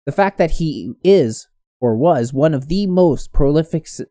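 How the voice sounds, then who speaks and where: A man's voice: fairly high pitch, expressive, measured pace, warm tone, no echo, studio quality. A man giving casual commentary on a news story, rambling with many restarts. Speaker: commentary host.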